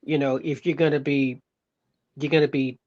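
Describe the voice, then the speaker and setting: A man's voice: mid-range voice, little pitch movement, moderate pace, a little mellow, highs cut off. A man co-hosting a podcast in casual chat, laid-back and giving advice.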